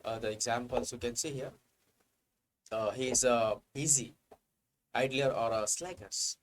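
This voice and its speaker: A man teaching English grammar from slides, explaining step by step, asking himself "what happened here" and reading examples out slowly. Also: mid-range voice, steady tone, a little hiss or hum, rough recording. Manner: reads examples slowly, stressing key words. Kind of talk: slide-based grammar lecture.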